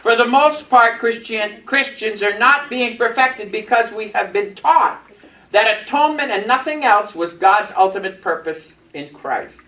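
A man's voice: high voice, animated, unhurried. A man preaching a sermon, telling a personal story and leading the congregation in call-and-response. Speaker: pastor. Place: church sanctuary. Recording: echoey, distant, dull church recording.

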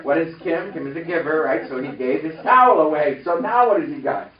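Man preaching, high voice, animated delivery, distant echoey church sound, dull recording. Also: a little fast. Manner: animated, leads congregation in call-and-response. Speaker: pastor. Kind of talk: sermon with personal story. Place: church sanctuary.

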